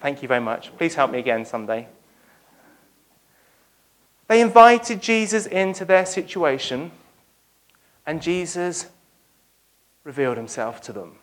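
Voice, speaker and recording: Preacher, lively sermon, very animated pitch, acts out dialogue, speaks to the congregation. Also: a little slow, long pauses.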